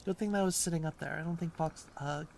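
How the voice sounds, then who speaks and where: A woman's voice: low voice, fast talker, gravelly, a little mellow, slight background noise. A woman hosting a casual language-learning livestream, talking in a playful, rambling way. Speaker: host of a language-learning stream.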